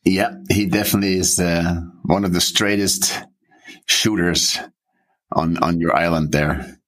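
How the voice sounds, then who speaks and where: A man's voice: low voice, steady tone, unhurried, a bit bright. A man hosting a podcast interview, chatting, reminiscing and asking questions. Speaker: podcast host. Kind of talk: casual interview.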